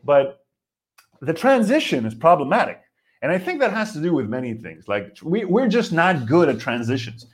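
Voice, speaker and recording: Very animated, with a slightly high voice at a moderate pace, this forties-aged comedian hosts a live podcast where he rambles through rants. He keeps restarting, uses lots of fillers, and acts out quotes.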